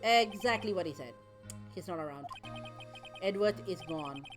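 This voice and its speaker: A woman voicing a wry young male defense lawyer from a video game, dry and low-key. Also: fast talker, music in the background, close to an everyday voice. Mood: uneasy.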